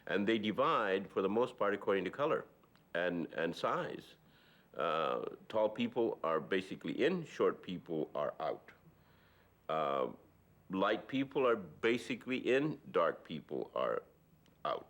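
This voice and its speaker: A man's voice: low voice, sing-song, unhurried, a bit bright. A man giving emphatic, plain-spoken commentary in a documentary interview.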